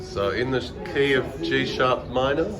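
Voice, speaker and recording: A man's voice: mid-range voice, unhurried, music in the background. A man filming a family birthday party on his phone, cracking jokes and leading the group in song. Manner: jokey, leads the group singing. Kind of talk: casual joking chat while filming. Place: busy pub function room, indoors. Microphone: phone camera held by the speaker. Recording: phone video in a loud crowded pub. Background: loud party crowd.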